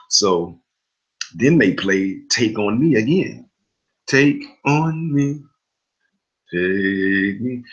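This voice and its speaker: A man's voice: deep voice, fairly bright tone, rough recording. A young man recapping a TV episode in a loose, chatty way, full of asides and fillers. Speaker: TV recap host.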